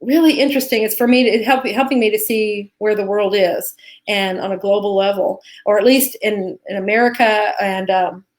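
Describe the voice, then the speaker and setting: A woman's voice: medium pitch, fairly even intonation, moderate pace. A woman co-hosting a live Q&A, talking in an earnest, heartfelt way with many restarts. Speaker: co-host, teacher. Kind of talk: live Q&A chat.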